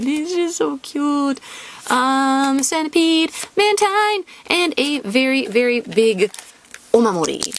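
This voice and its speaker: A young woman chats to her viewers while tearing through card packs, bubbly and quick to squeal over the cute ones. Her voice sits high and swoops about a lot, with a gravelly catch underneath. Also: a little hiss or hum. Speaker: card-opening vlogger. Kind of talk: casual unboxing chatter.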